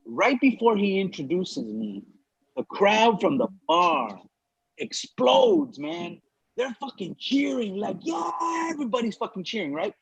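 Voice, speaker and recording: A comedian from Los Angeles telling a story in casual chat, animated and profane, acting out the people he quotes. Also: high-pitched, unhurried, vocal fry, slightly rough, dry recording. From Los Angeles, USA. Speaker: comedian podcast co-host. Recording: dull lo-fi dry sound.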